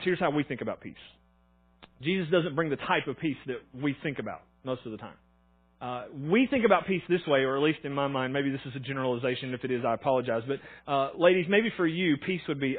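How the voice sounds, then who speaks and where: A man's voice: mid-range voice, slightly rough. A man preaching a sermon in a church, telling stories in a chatty way and acting out his own thoughts. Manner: chatty storytelling with fillers and quoted inner thoughts. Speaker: pastor. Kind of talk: conversational sermon. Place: church auditorium. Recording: thin phone-like sound.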